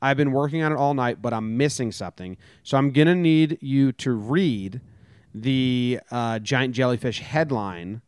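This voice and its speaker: A man's voice: mid-range voice, normal speed, a little mellow, smooth, no echo. A man co-hosting a podcast in laid-back casual chat. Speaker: podcast co-host.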